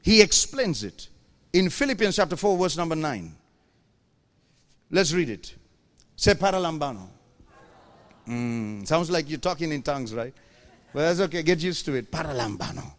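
A pastor preaching a sermon in a church, animated and playful, acting out his congregation's voices and teasing the crowd. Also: fairly high pitch, moderate pace.

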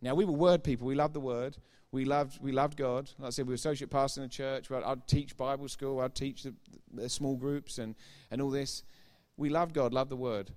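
A man giving a sermon testimony as a preacher, retelling conversations line by line and growing loud and emphatic when he preaches. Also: mid-range voice, fairly even intonation, a little fast, few pauses, smooth. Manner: retells dialogue with repeated "I said, he said".

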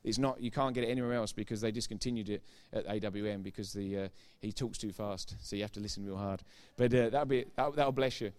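A man's voice: on the low side, quick pace, hardly any pauses, clean tone. Man preaching his personal testimony. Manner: retells dialogue with repeated "I said, he said"; grows loud and emphatic when preaching. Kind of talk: sermon testimony.

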